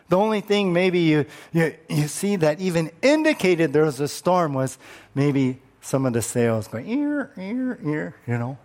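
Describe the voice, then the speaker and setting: A male pastor preaching a sermon in an animated way, repeating words when worked up and dropping low on key words.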